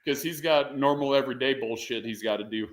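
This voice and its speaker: A man, a podcast host in casual chat, crude and teasing, laughing loudly. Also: mid-range voice, a little fast, a little hiss or hum.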